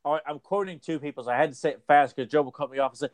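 A man's voice: fairly high pitch, rapid-fire, few pauses. A man co-hosting a casual podcast chat, joking and teasing his friends. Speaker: podcast co-host.

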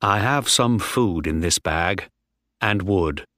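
Determined mutinous ship officer as a man voices him, low voice, dry close sound. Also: takes it slowly, a bit bright, dry recording. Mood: despairing. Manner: tense, determined. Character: desperate male ship officer turned mutineer.

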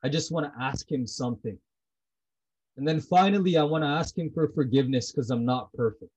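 A man's voice: medium pitch, fairly quick, a little mellow, slightly rough, low-quality recording. A man talking about prayer in a heartfelt, personal way. He is intense and blunt, repeats himself, and swears freely.

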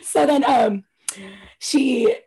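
A woman co-hosting a casual chat, recapping reality TV, animated and swearing, acting out quotes. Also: high-pitched, extremely slow, a crowd in the background. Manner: animated, swearing, acts out quotes with loud squeals. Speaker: podcast co-host recapping reality TV.

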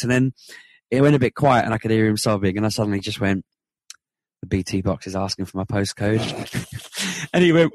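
A man co-hosting a podcast, telling an animated story in casual chat. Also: fairly low pitch, normal speed, dry recording. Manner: animated, rising to excited retelling. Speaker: podcast co-host.

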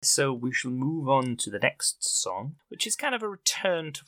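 Bright-voiced man hosting a podcast. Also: medium pitch, very animated, normal speed, dry recording. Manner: giggly, chatty, often laughing mid-sentence. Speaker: podcast host. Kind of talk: casual film podcast chat.

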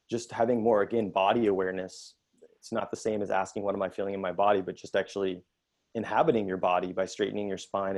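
A middle-aged man speaks as a therapist leading an online workshop. His voice sits a little low, and his delivery is calm, measured and explanatory.

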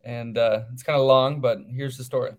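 Man briskly introducing segments. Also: mid-range voice, fairly even intonation. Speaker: podcast host. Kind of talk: casual chat, introducing segments.

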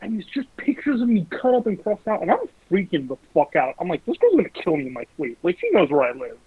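A young man casually telling animated, sweary stories about his dating life. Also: high-pitched, quick pace. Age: young adult. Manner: animated, swearing, mimics voices in quotes. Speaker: guest. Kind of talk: casual storytelling. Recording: lo-fi phone-like recording.

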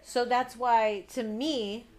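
A woman's voice: a little high, fairly even intonation, slow pace, a little mellow. Emphatic woman arguing her point. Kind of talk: casual chat.

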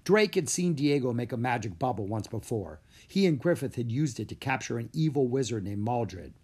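A man narrating a children's story in an animated storybook way. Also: mid-range voice, moderate pace, husky.

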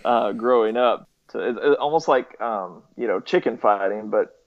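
The speaker is a young nurse from the southeastern United States, his lowish voice moving at normal speed through a casual, hesitant chat. He restarts often, leans on fillers, and laughs frequently, all captured on a slightly muffled lo-fi recording.

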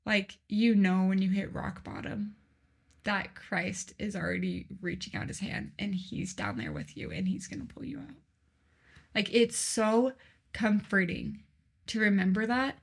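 A young woman co-hosting a faith podcast, sharing her own low times in a heartfelt, personal way. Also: vocal fry, fairly bright tone, slightly rough. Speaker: podcast co-host. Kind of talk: casual faith chat.

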